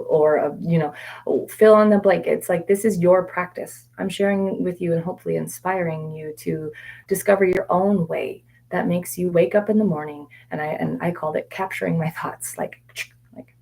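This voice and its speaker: A woman coaching viewers in a live question-and-answer session, candid and meandering, with fillers and self-corrections, sometimes dropping to soft whispered repetitions. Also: lowish voice, fairly even intonation, normal speed, creaky. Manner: soft-spoken, drops to quiet whispered repetitions. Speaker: mindset coach.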